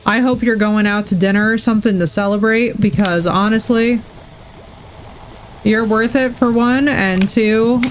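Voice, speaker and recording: A young adult woman streamer in casual live-stream chat, gushing and excitable as she talks to her chat. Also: mid-range voice, a little hiss or hum, low-quality recording.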